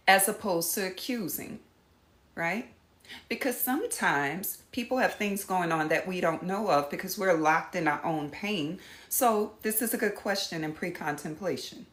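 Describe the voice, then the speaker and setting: A woman's voice: on the low side, moderate pace, fairly bright tone, roomy sound. A woman teaching empaths in a casual live talk, giving direct instructions and calling her viewers y'all. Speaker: empath coach.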